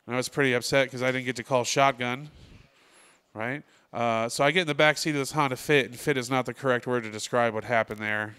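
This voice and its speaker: A male comedian doing a stand-up set in a comedy club, telling deadpan stories and quoting the people in them. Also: mid-range voice, clean tone.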